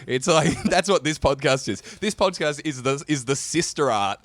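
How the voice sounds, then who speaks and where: A man's voice: mid-range voice, lively intonation, normal speed, few pauses, fairly bright tone, dry recording. A young man co-hosts a comedy podcast, wry and teasing, often breaking into giggles. His voice moves up and down a lot, and the close mic sounds dry. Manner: wry, teasing, giggly, reads quotes aloud. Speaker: podcast co-host. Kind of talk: casual comedic chat.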